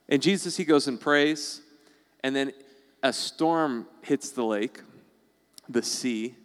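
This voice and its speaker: Male pastor, casual sermon delivery, smooth voice, long hall reverb. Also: medium pitch. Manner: conversational, acts out quoted voices.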